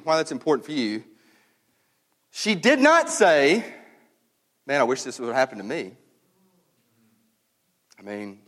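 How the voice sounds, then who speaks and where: A man preaching a sermon in a relaxed, conversational way, with casual slang and lively emphasis. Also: on the high side. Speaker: pastor. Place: church sanctuary. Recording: long reverb of a church hall.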